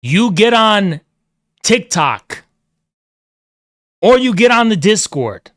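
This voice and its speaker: High-pitched and sing-song, with a fairly bright tone, a man talks slowly as he lays into his livestream chat in a heated rant, aggressive, profane, and repetitively lecturing. The recording is dry and studio quality.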